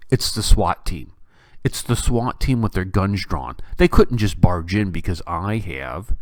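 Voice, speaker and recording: Low-pitched male host, sarcastic and incredulous, dry close-mic commentary. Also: dry recording. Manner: animated, sarcastic, incredulous rants. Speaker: podcast host. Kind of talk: opinionated political commentary.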